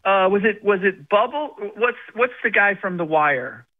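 A man talking as a guest on a sports radio show, with halting restarts and easy laughter. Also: high-pitched, expressive, phone-quality sound. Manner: stammering restarts, laughs easily. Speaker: guest analyst. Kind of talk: casual radio chat.

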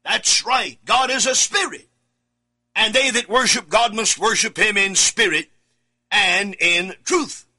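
Emphatic high-voiced preacher, slow and bright. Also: male voice. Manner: emphatic, repeats key words, swings from shouts to low asides. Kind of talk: studio sermon reading scripture. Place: studio, alone.

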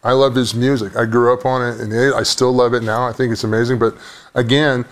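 A man's voice: medium pitch, little pitch movement, a little fast. A man joking around as a guest on a panel talk show, often putting on silly voices. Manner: jokey, slips into mock voices. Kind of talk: casual panel banter.

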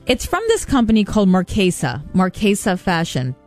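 A woman co-hosting a radio show, telling a story in an animated, self-mocking way. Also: mid-range voice, moderate pace, soft background music. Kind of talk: casual radio banter.

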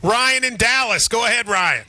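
Bright high-voiced radio sports host. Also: male voice, animated, normal speed, no room sound.

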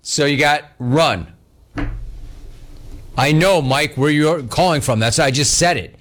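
A man's voice: on the high side, measured pace, fairly bright tone, soft background music. A man hosting a talk radio show, taking callers with brash, teasing banter.

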